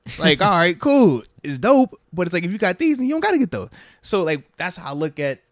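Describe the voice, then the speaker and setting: A man co-hosting a casual sports podcast, talking in an animated way, laughing often and acting out his own asides. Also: sits high, brisk, dry recording, studio quality. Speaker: podcast co-host, former NFL player.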